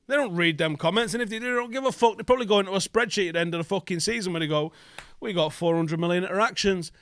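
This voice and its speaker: Man, young adult, angry sweary fan rant, high voice, dry close sound. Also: a bit bright, dry recording. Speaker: football fan channel host. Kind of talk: ranting fan review vlog.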